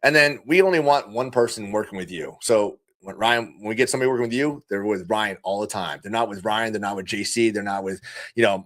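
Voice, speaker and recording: A man who is a guest on a podcast, chatting about running his business with a lively, animated delivery and easy laughs. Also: medium pitch. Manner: animated, fast-talking, laughs easily. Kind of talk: casual conversational interview.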